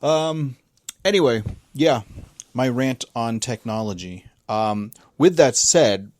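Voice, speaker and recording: A man's voice: medium pitch, slow pace, darkish tone, no echo, studio quality. A man co-hosting a casual talk show, rambling with lots of fillers and restarts. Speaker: podcast co-host. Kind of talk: casual chat.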